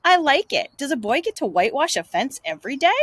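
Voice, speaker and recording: A woman's voice: fast, no echo. A woman voicing a cunning, boastful boy in a read-aloud storybook, talking in an eager, coaxing way. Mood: feigned surprise. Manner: coaxing, eager, raised excited pitch.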